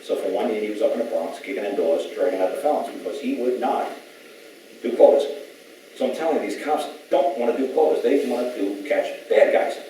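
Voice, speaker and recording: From a distance in a large echoey room, a man addresses a gathering informally, wandering through anecdotes and imitating the people he quotes. His voice is on the low side, dark, and a little fast, with a bit of hiss or hum in the recording.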